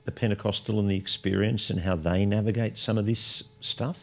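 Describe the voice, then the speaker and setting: A man's voice: lowish voice, fairly even intonation, brisk. A man hosting a conversational interview, speaking candidly and asking probing questions. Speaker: podcast host.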